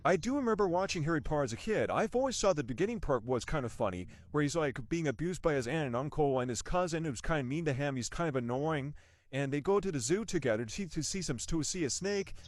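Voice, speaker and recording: Young American man, casual movie vlog, meandering delivery, slightly high, lively voice. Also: quick pace, dry recording. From United States. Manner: meandering, with frequent restarts and rhetorical questions. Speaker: vlogger reviewing a movie. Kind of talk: rambling casual movie review.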